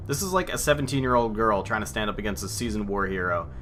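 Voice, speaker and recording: A man's voice: lowish voice, expressive, fast, a bit bright, a little hiss or hum. Sarcastic man doing game commentary. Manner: sarcastic, profane, joking. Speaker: let's play host. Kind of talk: gameplay commentary.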